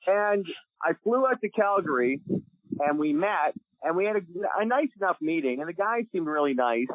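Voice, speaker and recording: A middle-aged man from Canada telling stories as a podcast guest, animated and casual, restarting sentences and swearing freely. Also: on the high side, fairly quick, no room sound. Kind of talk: storytelling interview. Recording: dry, tinny phone-like sound.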